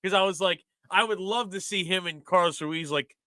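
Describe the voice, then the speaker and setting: A man's voice: high voice, normal speed, bright, forceful tone, no echo. A man co-hosting a sports podcast, talking in a passionate, rambling casual way with lots of "like". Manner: passionate, rambling, heavy use of "like". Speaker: podcast co-host.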